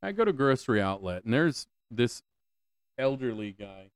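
A man's voice: medium pitch, big pitch swings, normal speed, clear, resonant tone, dry recording. A man hosting a solo podcast, ranting with lots of swearing, repeated questions and stammering restarts, on a close mic. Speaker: podcast host.

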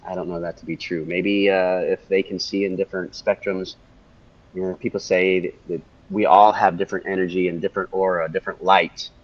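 A man guest in an interview, telling a personal story in an animated way and repeating phrases for emphasis. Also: deep voice, brisk. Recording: dull lo-fi audio.

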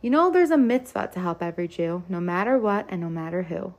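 A woman's voice: on the low side, lively intonation, a little fast, a little mellow. A woman voicing an eager, helpful young boy who urges his brother on. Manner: eager, insistent.

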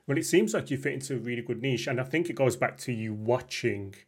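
Husky Brummie host, chatty and jokey. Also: male voice, medium pitch, fast talker. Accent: Birmingham. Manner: chatty, jokey, encouraging with short backchannel replies. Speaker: interview host. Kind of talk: casual interview chat.

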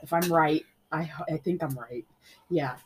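A young woman talking casually in a family podcast, soft-spoken and giggly while telling stories. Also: deep voice, normal speed, a crowd in the background. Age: young adult. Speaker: guest.

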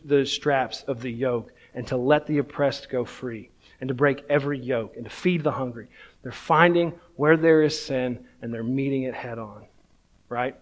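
A man in his thirties, a pastor, preaching a sermon in a casual, self-deprecating storytelling way, often checking in with "right?". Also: mid-range voice.

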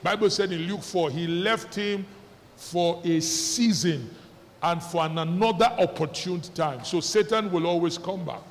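A man's voice: high-pitched, a little slow. A man preaching a sermon to his congregation as pastor, pressing them with repeated questions and firm commands. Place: church hall. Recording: reverberant church hall with faint noise.

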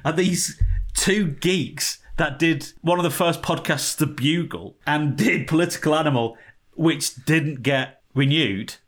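A man's voice: a little high, measured pace. A man co-hosting a podcast in casual chat, joking and swearing as he riffs. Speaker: podcast co-host. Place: home in Los Angeles.

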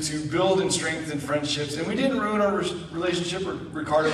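A man speaking as a guest in a church, telling a funny mission-trip story in an animated way and often laughing as he talks. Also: fairly high pitch, slight background noise. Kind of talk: storytelling testimony. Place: church sanctuary. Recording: echoey church hall from a distance.

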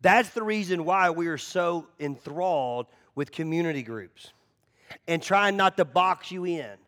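A man's voice: on the high side, a little slow. A man preaching a conversational sermon as the pastor, telling stories animatedly and often repeating words as he goes. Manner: animated storytelling, repeats words, acts out voices.

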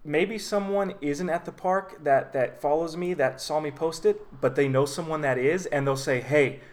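A man co-hosting a podcast and chatting casually, easygoing and quick to laugh. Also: on the high side. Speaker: podcast co-host and artist. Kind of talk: casual chat.

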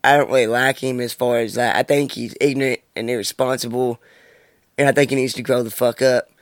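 Alone on his podcast, a man in his 20s rants casually and bluntly about his life, swearing a lot. He speaks briskly in a mid-range, level voice, and the studio-quality recording has no echo.

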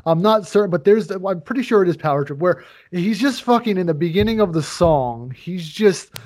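A man co-hosts a casual chat podcast, his voice somewhat high for a man. He rambles and circles back, stacking fillers and throwing in jokes. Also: expressive, normal speed, darkish tone, faint music behind. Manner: rambling, full of fillers and restarts, jokey. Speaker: podcast co-host.

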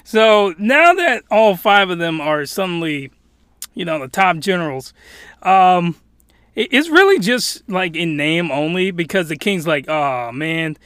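A man giving a casual anime review, rambling and excitable, sometimes getting loud. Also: high-pitched, measured pace, smooth, no echo, studio quality.

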